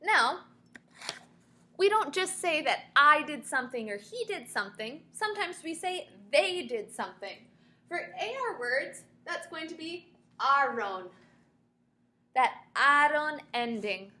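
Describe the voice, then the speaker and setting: A woman's voice: high voice, very animated, measured pace, sharp tone. A woman teaching a Spanish grammar lesson who patiently spells words out letter by letter.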